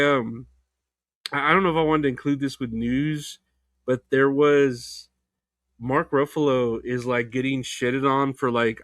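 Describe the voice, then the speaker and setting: A man's voice: mid-range voice, a bit bright, dry recording. A young man hosting a solo podcast, talking in a loose, rambling, profane way. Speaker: podcast host. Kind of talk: casual solo podcast chat.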